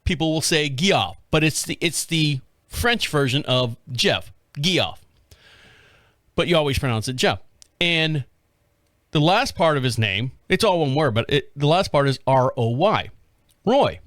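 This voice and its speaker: An American man hosting a podcast, telling a rambling, animated story with frequent restarts and casual swearing. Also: a little high, normal speed, no echo, clean studio sound. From United States. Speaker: podcast host.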